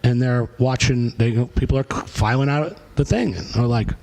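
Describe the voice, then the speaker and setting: A man tells a rambling, profane story on a podcast. He drops into other people's voices as he goes. His pitch sits in the middle for a man. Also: normal speed, gravelly, low-quality recording. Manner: animated, profane storytelling with acted-out quotes. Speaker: podcast guest, hardcore singer. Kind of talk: casual storytelling.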